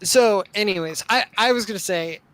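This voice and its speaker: High-voiced young man rambling casually. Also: normal speed, a bit bright, poor audio. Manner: rambling, heavy use of filler words. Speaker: podcast co-host. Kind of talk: casual live-stream discussion.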